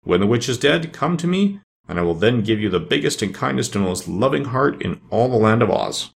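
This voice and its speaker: A man doing a gruff, stern wizard. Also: medium pitch, big pitch swings, fairly quick. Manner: gruff, imperious. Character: mighty male wizard, stern and commanding.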